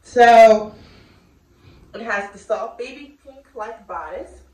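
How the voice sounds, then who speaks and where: A young woman rambles happily through a try-on haul at home, chatty and bubbly, her voice sitting slightly high. The audio is roomy and echoey, as if the camera mic is a few feet away. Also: darkish tone, far from the mic. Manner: chatty, bubbly, drawn-out filler words. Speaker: fashion vlogger. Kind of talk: casual try-on haul chat. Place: home room.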